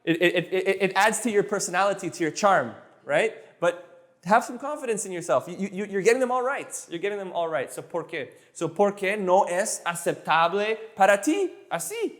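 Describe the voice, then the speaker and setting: A man with a high voice teaches a live class, joking and hamming things up. He drills words again and again and stumbles on restarts as he goes. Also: animated, fairly quick, a bit bright. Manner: playful, jokey, repeats words for drill. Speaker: Spanish teacher.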